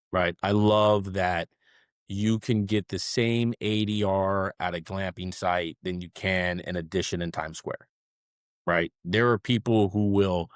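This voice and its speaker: Animated man telling stories, tagging "right?". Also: low voice, clear, resonant tone, no room sound, studio quality. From South Florida. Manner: animated storyteller, tags many sentences with "right?". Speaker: restaurant management co-founder, guest. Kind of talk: conversational interview.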